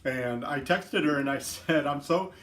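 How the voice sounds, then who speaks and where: A friendly, talkative man hosts a live stream in a relaxed, casual way. He laughs often and chats directly with the viewers, greeting each one by name. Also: mid-range voice, measured pace. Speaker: livestream host. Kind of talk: casual chat.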